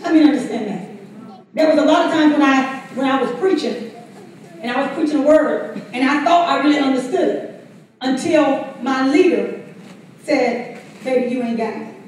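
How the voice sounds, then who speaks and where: A high-pitched woman teaches a Bible study in a loose, laughing, call-and-response manner. She is picked up from across a very echoey church room, with faint noise behind her. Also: normal speed, pauses often, darkish tone, distant mic. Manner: conversational, laughs often, calls for congregation response. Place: church sanctuary.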